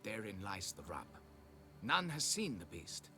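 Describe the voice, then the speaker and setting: A man's voice: fairly low pitch, big pitch swings, unhurried, sharp tone, exaggerated voice. An actor voicing a pompous, haughty middle-aged nobleman who owns a vineyard, in video game dialogue. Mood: aloof. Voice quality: pompous, condescending.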